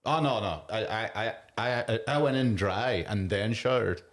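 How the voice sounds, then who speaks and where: A man's voice: on the low side, unhurried. A man, co-hosting a casual podcast, telling a rambling, self-deprecating story and laughing often. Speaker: podcast co-host.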